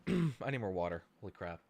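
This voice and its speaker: Rambling low-voiced man streaming. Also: big pitch swings, moderate pace, creaky, darkish tone. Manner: rambling, self-deprecating, thinks aloud while searching. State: sleep deprived. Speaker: streamer and musician. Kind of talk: casual live stream chat.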